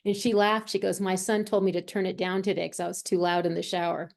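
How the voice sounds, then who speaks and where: Brief: warm, mellow woman; medium and guest, vivid storyteller who acts out quoted voices. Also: fairly low pitch, little pitch movement, quick pace, vocal fry. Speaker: medium and healer, interview guest. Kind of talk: conversational storytelling.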